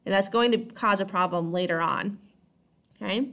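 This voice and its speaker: A woman's voice: mid-range voice, normal speed, fairly bright tone. Woman teacher telling history casually, keeps asking right? okay?, mid voice. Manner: chatty, checks in with 'right?' and 'okay?'. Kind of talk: casual classroom lecture.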